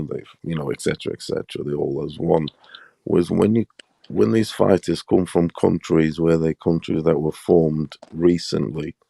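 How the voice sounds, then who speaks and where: A man with a very deep, gravelly voice talks bluntly and pushes his points with frequent swearing. The sound is dry and close, in a casual live-stream chat. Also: mellow, no echo. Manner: blunt, pressing and profane. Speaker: boxing talk show host.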